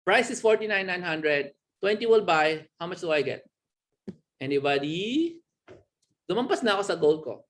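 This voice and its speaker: Animated Filipino-accented man coaching. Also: normal speed. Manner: coaching, keeps checking in with rhetorical questions; animated, with sudden pitch jumps and small laughs. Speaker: online business trainer. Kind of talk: recorded training lecture.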